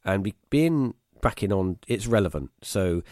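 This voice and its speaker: A man, telling a story as a podcast guest in a rambling, halting way, full of fillers and restarts. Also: fairly low pitch, expressive, a little mellow, dry recording, clean studio sound. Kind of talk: casual storytelling.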